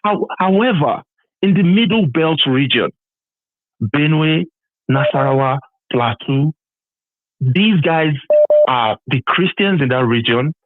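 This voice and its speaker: A man calling in to a talk show, arguing politics forcefully and repetitively. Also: fairly high pitch, animated, takes it slowly, pauses often, no echo. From Nigeria. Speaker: caller. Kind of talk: impassioned political call-in. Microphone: phone. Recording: tinny dry phone line.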